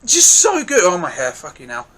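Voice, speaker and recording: Man, film reviewer, casual, excitable, sweary, high voice. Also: moderate pace. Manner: excitable, gushing, swears a lot.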